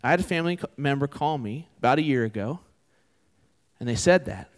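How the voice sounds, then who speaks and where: A man in his twenties gives a sermon in a relaxed, conversational way, often turning questions to the audience. His voice sits in a middle range. The sound carries a long reverb, as in a big hall. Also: mid-range voice, fairly quick. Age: 20s.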